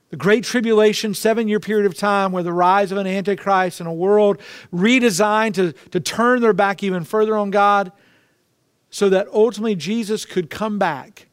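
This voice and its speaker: A man's voice: sits high, dry recording. A man preaching a sermon, emphatic and repeating key phrases for weight. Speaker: pastor.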